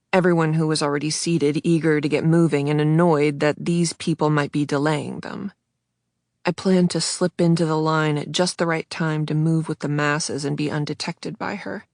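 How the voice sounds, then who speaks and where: A woman reading a first-person thriller audiobook in a hushed, tense voice, close to the mic. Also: deep voice, vocal fry, no room sound. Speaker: audiobook narrator.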